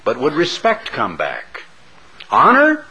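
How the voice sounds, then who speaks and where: A man's voice: a little high, wildly swooping pitch, slow, bright, forceful tone, husky, poor audio. A man preaching a sermon who tells Bible stories dramatically and stresses his points hard. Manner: dramatic storytelling, emphatic.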